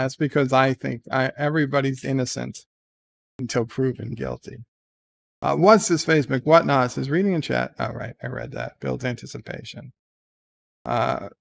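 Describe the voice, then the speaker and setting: A man hosting a casual livestream, answering viewer letters with deadpan jokes. His voice is gravelly and sits at a mid pitch. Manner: jokey, deadpan, with frequent fillers. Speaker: livestream host.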